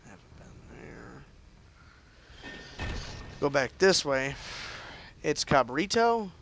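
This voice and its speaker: A man's voice: fairly high pitch, sing-song, takes it slowly, creaky, a bit bright, a little hiss or hum. A young man chatting loosely through live gameplay commentary, with lots of fillers and restarts. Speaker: game streamer.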